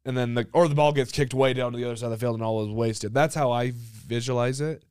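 A man's voice: mid-range voice, fairly even intonation, quick pace, a little mellow, smooth, no echo, studio quality. A man from the United States co-hosting a casual podcast, opinionated and loose, with lots of "like" and "you know". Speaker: podcast co-host. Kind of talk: casual chat.

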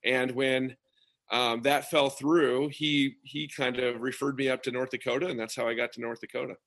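A man, relaxed and easygoing, talking in a sleepy early-morning voice on a remote call. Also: medium pitch, normal speed. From Nebraska. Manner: relaxed, easygoing, frequent ums. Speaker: guest, high school coach and former athlete. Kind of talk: casual interview storytelling.

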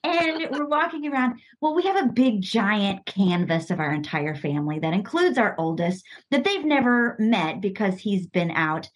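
A middle-aged woman, a coach's wife and podcast guest, telling a heartfelt personal story with many pauses, fillers and restarts. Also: medium pitch, expressive, rough recording.

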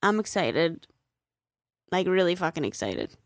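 A woman's voice: fairly low pitch, sing-song, unhurried, no echo. Chatty young woman, dry close sound. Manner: chatty, filler-heavy, says "like" a lot, swears casually. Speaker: podcast co-host. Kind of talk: casual chat.

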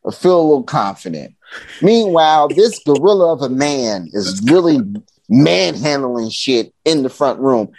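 A young adult man from Chicago, appearing as a podcast guest, tells a comic story and acts out the voices of the people in it. He's animated, with a mid-range voice and a measured pace. The recording has no echo.

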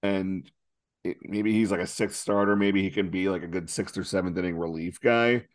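A man's voice: low-pitched, fairly even intonation, normal speed. Exasperated man in casual sports podcast chat. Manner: stat-heavy, exasperated, filler-laden. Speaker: podcast co-host.

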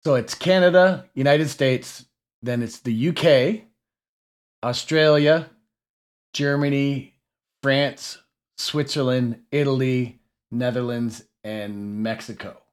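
A man's voice: medium pitch, takes it slowly, clear, resonant tone. A man co-hosts a casual podcast chat, wry and easily exasperated as he complains. His voice sits in an ordinary middle range. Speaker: podcast co-host.

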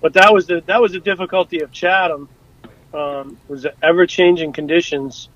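A man with a high, light voice spins casual, animated stories, stumbling through restarts and fillers as he acts out bits of dialogue. The sound is dry and close, with a dull, slightly lo-fi tone. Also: moderate pace, no echo. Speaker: guest, former rescue boat crewman. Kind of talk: casual storytelling.

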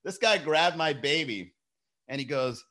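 A man's voice: a little high, expressive, unhurried, sharp tone. A young man chatting casually on a live stream, telling loose, profane stories and laughing often.

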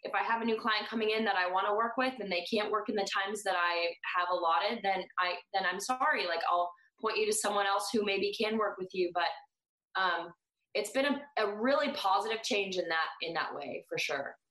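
Woman guest, bright forceful voice, casual rambling chat with restarts, echoey room. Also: medium pitch, moderate pace. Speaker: personal trainer guest.

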